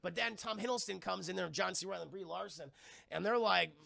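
Man, excitable livestream movie recap, profane, frequent restarts, very gravelly voice, high pitch. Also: brisk. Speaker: streamer and movie reviewer. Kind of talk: casual livestream commentary.

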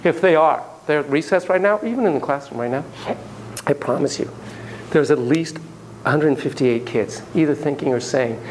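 A man giving a classroom lecture on parenting in an animated, joking way, acting out the examples. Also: fairly high pitch, normal speed, low-quality recording. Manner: animated, jokey, acts out examples. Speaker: psychology lecturer.

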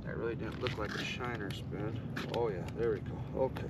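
A man, excitedly talking to viewers while ice fishing on a frozen lake. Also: fairly low pitch, a little fast. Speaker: fishing vlogger. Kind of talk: casual outdoor commentary. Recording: outdoor wind noise, distant mic.

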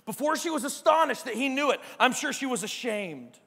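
Male pastor, sermon, high bright voice, emphatic, shifts from hushed to loud. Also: animated, fairly quick, vocal fry, in a large hall. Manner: emphatic, keeps asking "right?"; swings between quiet reflection and loud exclamation. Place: church sanctuary.

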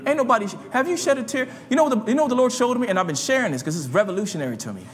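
Impassioned high-voiced preacher in a church hall. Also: male voice, lively intonation, rapid-fire. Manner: impassioned, swinging between low murmurs and shouts. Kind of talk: sermon. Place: church sanctuary.

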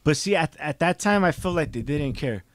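A man's voice: a little high, lively intonation, normal speed, no room sound. A man on a podcast candidly telling his own life story, blunt and swearing often, getting emotional as it hits him. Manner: blunt, heavy swearing, acts out quoted dialogue; emotional, voice rising when stirred. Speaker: podcast guest.

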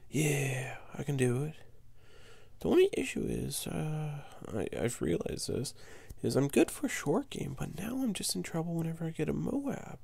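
Gravelly young man muttering game commentary. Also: lively intonation, normal speed, darkish tone, no room sound. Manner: muttering to himself, then flaring into high exasperated yelps. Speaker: gamer commentating his own match. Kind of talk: casual gameplay commentary.

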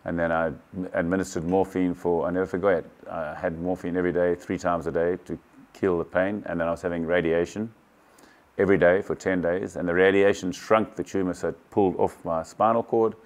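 A man's voice: low-pitched, level tone, brisk. A man in his sixties from South Africa, candidly recounting a personal story to camera in a matter-of-fact way. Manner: candid, matter-of-fact, quotes others in dialogue. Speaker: kayaking champion telling his story.

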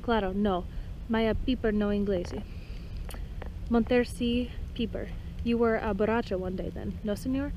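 A woman's voice: mid-range voice, unhurried, warm tone, a little hiss or hum, natural voice, poor audio. A woman voicing a blunt, suspicious male barman who speaks broken English mixed with Spanish. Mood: curt.

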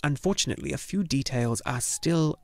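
A man's voice: on the high side, lively intonation, brisk, dry recording, lightly acted. Man doing a pompous little gnome professor. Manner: self-important, grumbling. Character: pompous little old male gnome scholar.

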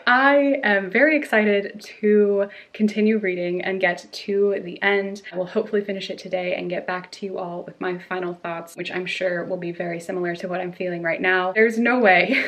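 A woman's voice: fairly low pitch, fairly bright tone. A woman chatting casually on camera as a book reviewer, gushing and effusive, at times tearful and laughing. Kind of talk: casual vlog chat.

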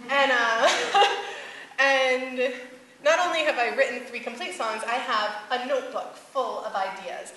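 A young woman, a singer-songwriter, telling a personal story on stage to a live audience, animated and laughing often, with many fillers. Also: high-pitched, unhurried, slight background noise. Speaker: singer-songwriter giving a talk. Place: stage before a live audience, echoey hall. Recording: echoey hall with faint ambience.

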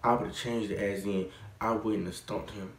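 Teen male vlogger with a gravelly voice, talking in loose, slangy rambles in an echoey room. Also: fairly low pitch, normal speed. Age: teens. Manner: rambling, slangy and expressive, with stutters. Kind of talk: casual chat.

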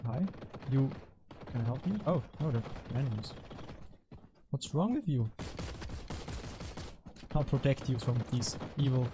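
A man's voice: mid-range voice, normal speed, noisy background. A man hosting casual gameplay commentary, rambling and self-mocking, with frequent exasperated outbursts at his teammates. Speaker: gaming channel host.

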